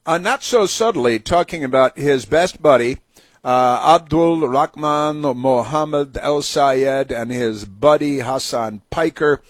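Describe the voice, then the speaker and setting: A man's voice: medium pitch, slow, dry recording. A man hosting a talk radio show, delivering a sarcastic, mocking monologue full of fillers and restarts.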